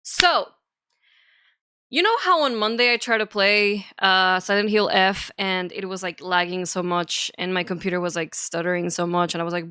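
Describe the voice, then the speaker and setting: Streamer woman, casual ranting chat, swears a lot, bright sharp tone, dry close sound. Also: lowish voice, steady tone, normal speed, smooth, no echo.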